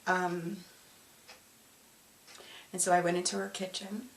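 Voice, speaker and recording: A woman telling her own story in an interview, halting and emotional, with frequent restarts. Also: on the low side, little pitch movement. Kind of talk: personal testimony. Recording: roomy, distant mic, faint noise.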